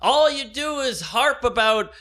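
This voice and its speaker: A man with a high, bright voice riffs quickly through a casual podcast chat. He is a comedian guest, joking as he goes and dropping into brief put-on voices. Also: animated. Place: venue room before a set.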